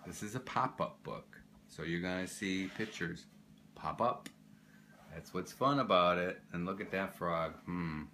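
An older man, a grandfather, reading a children's pop-up book aloud in a gentle, playful way. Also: low voice, unhurried, slight background noise. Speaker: storybook reader, grandfather.

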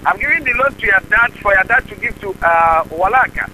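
A man with a Nigerian accent on a phone call, insistent, repeating himself in halting, broken phrasing. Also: sits high, lively intonation, pushed and bright, husky. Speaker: caller. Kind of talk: phone conversation.

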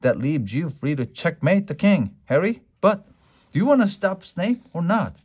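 A man's voice: fairly high pitch, big pitch swings, moderate pace, darkish tone, breathy edge, pitched above the performer's own voice. A man voicing a brave, bossy schoolboy wizard in a storybook reading, sounding urgent and commanding. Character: boy wizard chess player, bossy and brave.

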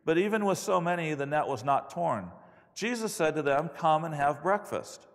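A man preaching a sermon, telling stories in an animated way and acting out the quotes. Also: fairly high pitch, normal speed. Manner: animated storytelling with acted-out quotes. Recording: long hall reverb.

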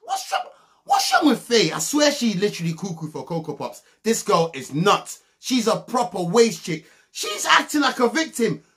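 Young man, high voice, bright and lively, mocking comedy rant. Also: normal speed. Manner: mocking, animated, bursts into loud high laughs. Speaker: reality TV recap commentator.

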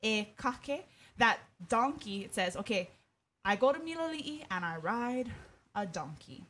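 A woman leads an online hula class, counting the beats aloud and chanting cues. She explains each move in a friendly, joking way. Her voice sits fairly high. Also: expressive, measured pace, a bit bright, slight background noise. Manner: friendly, explains with small jokes and laughs. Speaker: hula teacher. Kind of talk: online dance lesson.

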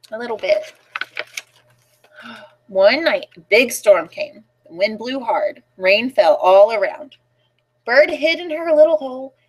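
Her voice a little high, a librarian reads picture books to children at storytime, lively and sing-song, pausing to ask the kids questions.

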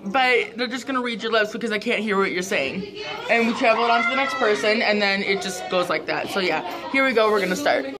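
A woman's voice: medium pitch, brisk. A woman hosting a casual vlog game, giggly and laughing often. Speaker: vlogger host. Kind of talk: casual chat. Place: school classroom. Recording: loud chatter in background. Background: crowd chatter.

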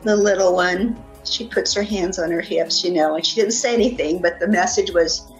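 A woman, a guest on a podcast, telling a personal story as a lively storyteller who acts out the people in it. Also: on the low side, moderate pace, faint music behind, rough recording.

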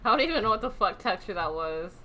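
A woman's voice: medium pitch, quick pace, a little hiss or hum. A woman casually commenting on a video game she plays, swearing often and breaking into laughter. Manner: giggly, excitable, profane. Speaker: game streamer.

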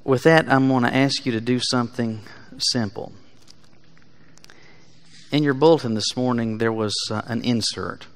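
Male pastor, earnest sermon delivery, rising to emphatic peaks and falling quiet, mid pitch. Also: fairly even intonation, moderate pace, long pauses. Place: church sanctuary.

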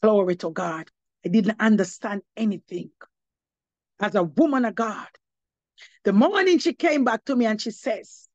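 A woman's voice: mid-range voice, normal speed, long pauses, darkish tone, no room sound, dull audio. A woman giving her testimony as an apostle, preaching to a congregation and slipping between English and patois, rising to emphatic cries of praise.

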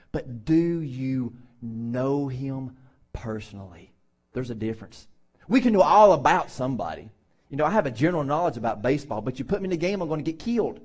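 A man's voice: mid-range voice, big pitch swings, fairly quick, darkish tone, slightly rough. A man pastor preaching a sermon in a conversational way, acting out the people in Bible stories with voices.

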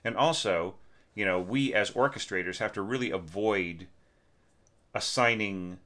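A man teaching orchestration, talking through a student's score in a casual, conversational way with lots of fillers, while congested and clearing his throat. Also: fairly low pitch, a little slow, bright, forceful tone. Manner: conversational, many fillers and tag questions. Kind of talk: casual spoken score critique.

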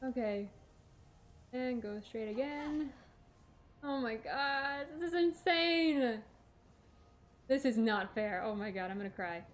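A woman's voice: a little high, unhurried, pauses often. A woman streaming a video game, giving casual gameplay commentary and talking to herself, swearing when things go wrong.

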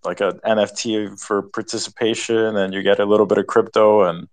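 A man's voice: lowish voice, level tone, brisk, low-quality recording. A man speaking as a guest on a casual live chat, upbeat and enthusiastic.

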